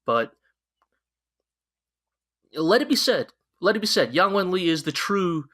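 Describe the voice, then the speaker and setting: A man co-hosting a podcast, chatting about an anime in an excitable, rambling way, with frequent restarts and swearing. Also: high voice, measured pace. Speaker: podcast co-host. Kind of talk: casual anime review chat.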